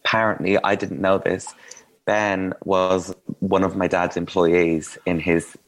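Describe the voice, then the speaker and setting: A man's voice: low voice, little pitch movement, measured pace. A man telling candid, self-mocking stories in a casual chat, with plenty of ums and asides. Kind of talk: casual anecdotal storytelling.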